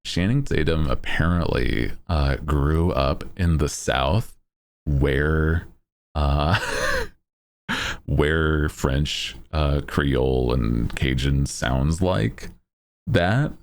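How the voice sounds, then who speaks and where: Very deep, gravelly-voiced man. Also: extremely slow. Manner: rambling, laid-back, peppered with "like" and "dude". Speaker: streamer. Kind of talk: casual chat on a livestream.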